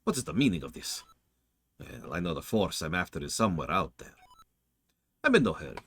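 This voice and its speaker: A man voicing a haughty, sinister male sorcerer villain in a slow, gloating, theatrical vampire-like voice. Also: deep voice, big pitch swings, slightly rough, full character voice. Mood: scheming.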